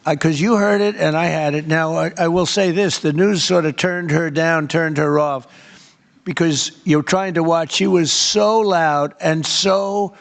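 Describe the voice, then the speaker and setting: An older man holds forth at a press gaggle, his voice sitting a touch high. He rambles and repeats himself, leaning hard on key words. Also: steady tone, measured pace, gravelly. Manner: rambling, repetitive, emphatic. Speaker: head of state answering press questions.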